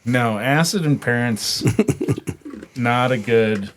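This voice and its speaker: A man's voice: mid-range voice, takes it slowly, a little hiss or hum. A man, a podcast guest, telling stories in a loose, profane, filler-heavy way. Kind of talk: casual chat, storytelling.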